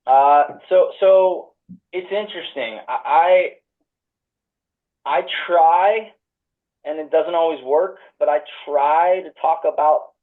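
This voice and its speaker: A man's voice: on the high side, takes it slowly. Man from Philadelphia, tinny call audio. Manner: rambling, full of restarts and hedges. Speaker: guest. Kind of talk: reflective conversational answers.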